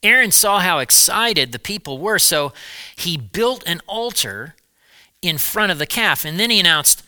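Man, preacher, sermon storytelling, lively, bright tone, slightly high voice. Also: a little slow, smooth, no echo. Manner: animated storytelling with asides. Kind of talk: sermon retelling a Bible story.

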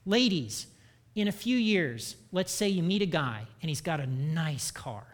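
A man giving a church sermon as pastor, animated and humorous, with self-deprecating asides. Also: on the high side, a little slow.

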